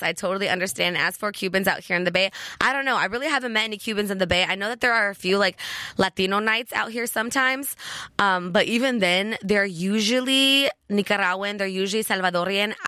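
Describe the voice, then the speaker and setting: A young woman chats through a personal story as a podcast host. She has a bright, crisp voice and fills her talk with "like" and slang. The recording is close and dry. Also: medium pitch, a little fast, no echo. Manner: chatty, peppers speech with "like" and slang. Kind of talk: casual confessional storytelling.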